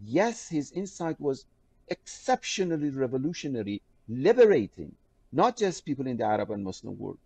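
A man from Iran, a professor and interview guest, talking about scholarship in a passionate, emphatic way with frequent restarts and lively swings in pitch. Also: normal speed, breathy edge, dry recording. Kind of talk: animated scholarly discussion.

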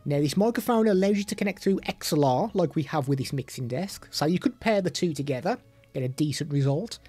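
Man, live-stream gadget demo, mellow tone, chatty, self-deprecating, studio mic. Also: fairly high pitch, expressive, fairly quick, breathy edge. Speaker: streamer reviewing products. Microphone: studio microphone.

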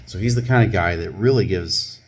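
A man's voice: low voice, a little fast, husky, soft background music. A man, a former police officer, casually telling a story from his old job in a wry, conversational way. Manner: conversational, wry, many fillers. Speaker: scuba channel host, former police officer.

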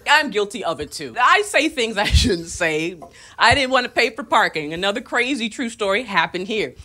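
A woman stand-up comedian performing a live set on a club stage, moving between loud punchlines and quiet asides. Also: mid-range voice, expressive, moderate pace. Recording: live club recording, audience laughter and noise.

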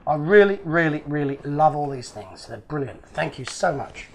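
A man, hosting his own channel and chatting warmly and casually to his viewers while he works. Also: a little high, lively intonation, normal speed, a little hiss or hum. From England. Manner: chatty, upbeat, talks to viewers while working. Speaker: channel host. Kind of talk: casual vlog chat.

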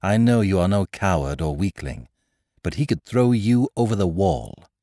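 A man voicing a grave, pious clergyman who speaks quietly and sternly. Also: deep voice, lively intonation, moderate pace, no room sound, studio quality.

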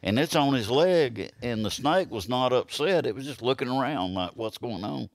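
A man's voice: mid-range voice, moderate pace, no room sound. Middle-aged Alabama man spinning a yarn. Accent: Southern US (Alabama). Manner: lively yarn-spinner who acts out quoted lines. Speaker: podcast guest. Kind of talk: casual storytelling.

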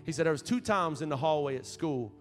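A man's voice: a little high, expressive, fairly quick, soft background music. A young man preaching a sermon as associate pastor, telling a personal story in a conversational way and rising to fervent appeals. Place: church sanctuary.

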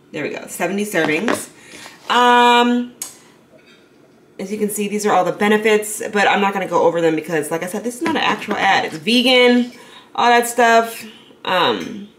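In a mid-range, fairly bright voice, with a little hiss or hum in the recording, a young woman vlogs on a handheld camera. She chats upbeat and casually to viewers with quick asides as she goes from home to the car and a store.

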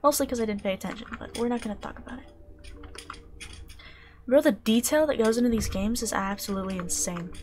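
A woman's voice: fairly high pitch, fairly quick, pauses often, a little mellow, a little hiss or hum. A young woman casually commenting while playing a game, mumbling jokes and swearing under her breath. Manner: mumbling, joking asides, swears. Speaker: gaming channel host. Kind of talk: casual let's-play commentary.

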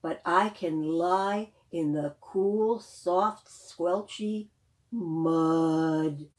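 A woman voicing a plain steady rhino, slow and clear. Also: on the low side, pitched below the performer's own voice. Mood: relaxed.

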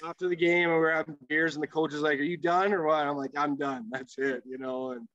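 Speaking briskly with a fairly high pitch, a man who used to play pro hockey animatedly swears and laughs his way through casual stories as a guest on a podcast. No room sound is present, and the highs are cut off.

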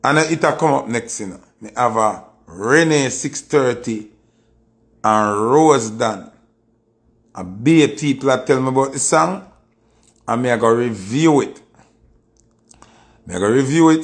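This is a Jamaican-accented man chatting through song reviews on a casual livestream. His pace is measured and his pitch medium, and he is boastful and emphatic, circling back to the same points.

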